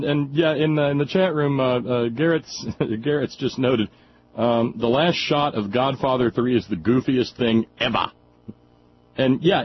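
A man hosting a radio call-in show, talking casually about politics, laughing often and stumbling over restarts. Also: mid-range voice. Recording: dull lo-fi radio sound, faint hum.

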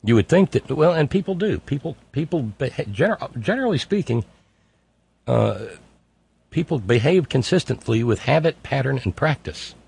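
Sardonic gravelly man hosting a radio show. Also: medium pitch, big pitch swings, moderate pace, a little mellow. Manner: sardonic, reads listener messages in mocking voices. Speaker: radio talk show host. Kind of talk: call-in radio commentary.

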